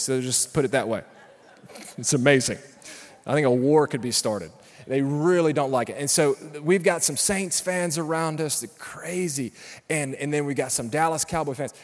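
A male pastor telling a story in a sermon, then rising into loud, shouted preaching in a large church. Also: fairly high pitch. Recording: long hall reverb.

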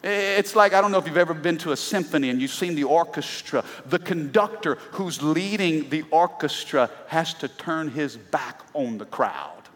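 A middle-aged pastor preaching an animated sermon, breaking into shouts and laughs. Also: male voice, a little high, moderate pace, hardly any pauses. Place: church sanctuary. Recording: long reverb of a large hall.

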